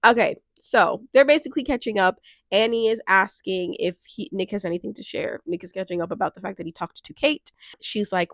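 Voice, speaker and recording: A young woman talks casually from her couch at home, recapping a reality show in a chatty, animated way with frequent laughs. Her voice sits at a middle pitch and sounds close and dry, with no room around it. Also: fairly quick, vocal fry, dry recording. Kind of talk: casual chat.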